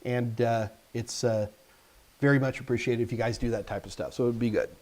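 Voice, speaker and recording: A man's voice: mid-range voice, steady tone, fairly quick, a little mellow. A man hosting a live stream, answering viewers' tech questions in a casual, joking way and talking straight to the chat.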